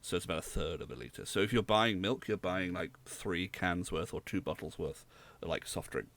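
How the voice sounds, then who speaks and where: Deep-voiced guy, dry chat. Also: expressive, moderate pace, a bit bright. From Southwest England. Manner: dry, rambling with many fillers. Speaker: podcast co-host. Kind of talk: casual chat.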